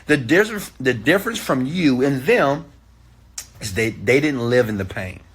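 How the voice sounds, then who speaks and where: A man giving a motivational talk, preachy and animated, often checking in with "okay?". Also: medium pitch, measured pace, breathy edge. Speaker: motivational speaker.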